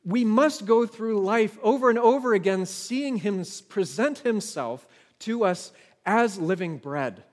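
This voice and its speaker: A male pastor delivers a sermon with a high voice that rings through a long hall reverb. He speaks earnestly and keeps asking the congregation questions. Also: expressive, a little slow. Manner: earnest, asks the listeners questions.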